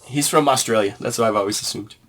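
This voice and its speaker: A man co-hosting a podcast in casual chat, reacting quickly and laughing easily. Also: mid-range voice, crowd noise. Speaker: podcast co-host.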